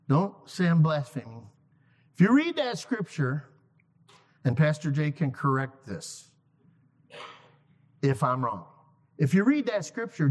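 Man preaching a sermon, high voice, slow deliberate delivery, long church-hall reverb. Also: darkish tone. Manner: emphatic, repeats key lines slowly. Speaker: guest preacher. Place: church sanctuary.

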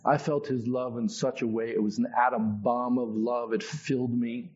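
A man telling his own testimony in a sermon, in a conversational, animated storytelling way. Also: medium pitch, moderate pace, dull audio. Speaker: preacher.

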